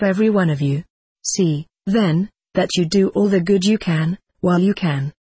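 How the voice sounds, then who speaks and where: A narrator reading an old book aloud in an even, measured way, giving quoted speakers the same voice as the narration. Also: mid-range voice, breathy edge, dry recording.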